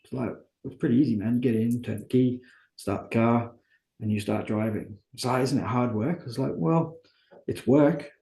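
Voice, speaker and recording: A man with a mid-range, gravelly, mellow voice speaks at normal speed in a reverberant space. He is an interview guest telling candid stories about his own life, earnest and conversational, often posing questions to himself and then answering them.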